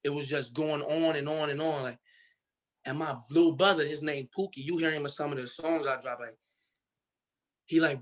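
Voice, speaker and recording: A man's voice: a little high, steady tone, normal speed, long pauses. A young man from Cincinnati, Ohio, telling his story as a guest in a casual interview, in a loose, slangy way full of fillers. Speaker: guest artist.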